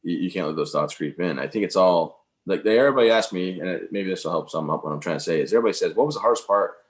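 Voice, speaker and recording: A man with a very low, deep voice talks casually in an interview. He is upbeat and rambles, full of "you know" and "um." He speaks like he is telling his own story to a friend. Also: racing. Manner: upbeat, rambling, many fillers. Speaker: interview guest, veteran speaker.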